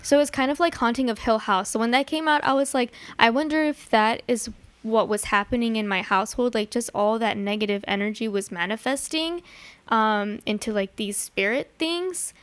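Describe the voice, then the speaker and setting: A woman's voice: a little high, normal speed, clear, resonant tone, no echo. A young woman from the Chicago area telling stories as a podcast guest, chatty, full of likes and ums. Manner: chatty, lots of likes and ums, acts out her dad's lines. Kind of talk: casual storytelling chat.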